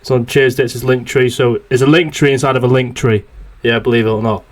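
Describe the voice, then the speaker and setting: Casting note: young guy, podcast host, sweary and rambling, mid-pitched everyday voice. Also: fairly even intonation, a little fast. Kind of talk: casual chat, swearing anecdote.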